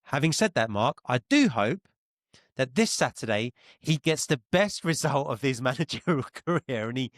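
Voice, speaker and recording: Man, mid-pitched, confident and teasing football podcast co-host, dry close sound. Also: expressive, normal speed, no room sound. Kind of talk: casual football podcast chat.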